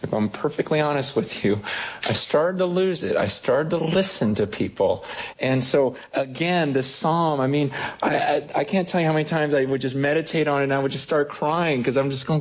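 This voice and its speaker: A man preaching a sermon in a lively, conversational way, often acting out little inner voices. His voice is slightly high and a touch husky. He speaks from a church stage to the people in front of him. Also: moderate pace. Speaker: pastor.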